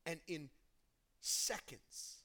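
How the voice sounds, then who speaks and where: A male pastor delivers a sermon with a bright, forceful edge to his voice. He leans on repetition and rhetorical questions, pressing each point home as he leads the church toward communion. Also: very slow. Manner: emphatic, repeats phrases and asks rhetorical questions.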